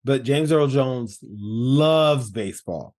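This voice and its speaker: A man's voice: mid-range voice, animated, slow, a little mellow. A man co-hosting a casual movie podcast, joking and chiming in with film trivia. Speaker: podcast co-host. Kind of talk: casual movie review chat.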